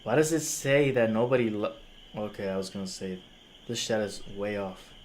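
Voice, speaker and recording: With a lowish, slightly mellow voice at normal speed, a young man whose first language is Spanish reviews music on a live stream. He argues with a critic in casual slang, incredulous and argumentative, over a little hiss or hum.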